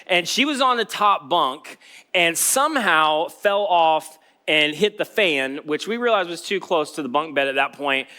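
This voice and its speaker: A man's voice: fairly high pitch, lively intonation, unhurried, bright, forceful tone, clear, resonant tone. A man preaching a sermon as pastor, telling a story in a casual, joking way. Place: church stage.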